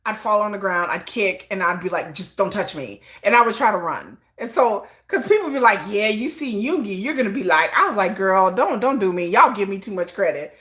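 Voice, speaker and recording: A woman's voice: mid-range voice, brisk, few pauses. A woman hosting a casual livestream, telling stories with lots of laughter and acted-out quotes. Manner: animated storytelling, acts out quotes, laughs often; self-described shy introvert. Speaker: livestream host. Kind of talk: casual chat.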